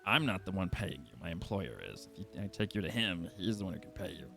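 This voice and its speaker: Brief: man as smug gnome fixer, hushed low delivery, tabletop game. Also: expressive, fast, vocal fry, faint music behind, exaggerated voice. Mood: secretive. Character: sly confident gnome fixer, male.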